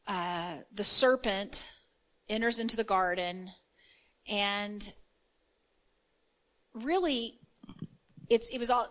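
A woman's voice: a little high, a bit bright, poor audio. A woman giving an informal sermon, chatty and full of fillers, reading scripture and checking in with her listeners. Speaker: preacher.

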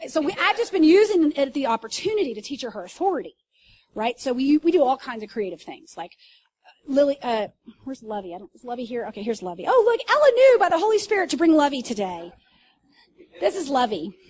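A woman pastor preaching to a congregation, telling stories in an animated way with loud bursts and asides. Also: high voice, brisk. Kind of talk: sermon. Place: church service.

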